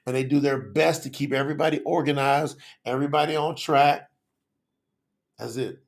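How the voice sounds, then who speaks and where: A man hosting a live faith-community stream, talking passionately and excitably to viewers and calling out people by name. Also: mid-range voice, moderate pace, vocal fry. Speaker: livestream host. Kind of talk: lively livestream talk to chat viewers.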